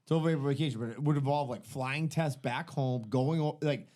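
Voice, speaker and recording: A man's voice: mid-range voice, a little fast, darkish tone. A man co-hosting a podcast, rambling through profane anecdotes in casual chat. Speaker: podcast co-host.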